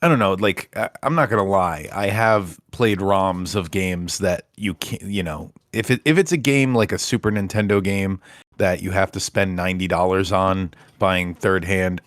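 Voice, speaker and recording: A man co-hosting a casual podcast, talking in a relaxed, rambling, self-deprecating way. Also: low voice, normal speed, no echo, clean studio sound. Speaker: podcast co-host. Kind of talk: casual chat.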